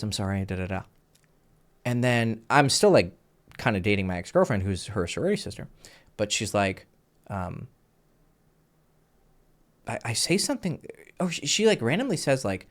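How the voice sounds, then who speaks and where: Crude, animated young man telling stories. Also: fairly low pitch, fairly quick. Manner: crude, animated, laughs mid-story, many fillers. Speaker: dating coach. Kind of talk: casual storytelling monologue.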